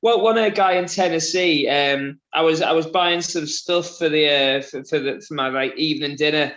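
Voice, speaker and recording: A man from Liverpool in his thirties with a mixed, softened Scouse accent, chatting casually in an interview with lots of fillers and restarts. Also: on the high side, moderate pace, highs cut off. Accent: mixed Liverpool, southern English and Australian. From England, Liverpool. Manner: rambling, many fillers and restarts, laughs often. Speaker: interview guest, runner.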